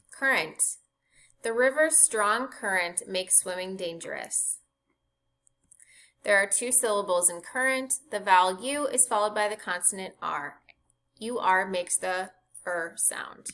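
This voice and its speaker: A woman gives a scripted phonics lesson, spelling out letters and their sounds one at a time. She talks slowly and carefully, with a bright, clear tone. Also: mid-range voice. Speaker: reading teacher.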